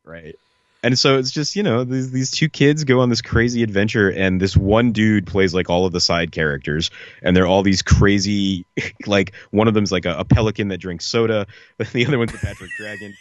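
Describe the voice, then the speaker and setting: Low-voiced man rambling enthusiastically, lo-fi. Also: normal speed, no room sound. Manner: rambling, enthusiastic storyteller with many fillers. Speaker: podcast co-host. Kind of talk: casual chat. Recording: dull lo-fi podcast audio.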